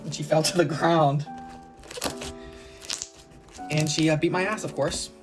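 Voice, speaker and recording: A woman with a fairly low voice tells a crude, joking story in a loose, casual way, slipping into the voices of the people in it. Music plays steadily behind her. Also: measured pace. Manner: crude, joking, lively quoting of others. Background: background music.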